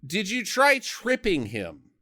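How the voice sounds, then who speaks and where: Profane, animated man recapping a movie. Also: high voice, slow pace. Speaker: podcast co-host. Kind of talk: casual comedic movie recap.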